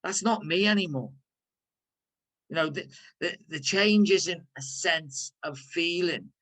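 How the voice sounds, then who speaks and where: A man's voice: a little high, slow pace, fairly bright tone, poor audio. A man with a Liverpool accent, leading a recovery workshop in a candid, conversational way with frequent restarts. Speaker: workshop leader.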